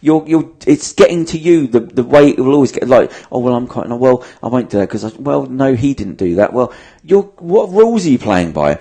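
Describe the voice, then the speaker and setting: Bloke hosting a podcast, middle-pitched voice, swears a lot, acts out convos while giving advice. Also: male voice, big pitch swings, brisk, few pauses, dark tone. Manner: emphatic, sweary, acts out dialogue. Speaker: podcast host. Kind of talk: casual chat giving advice.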